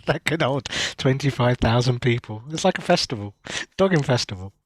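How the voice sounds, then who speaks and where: A man co-hosting a car podcast, chiming in with quick quips and short replies. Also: medium pitch, expressive, no room sound. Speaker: podcast co-host. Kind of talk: casual podcast banter.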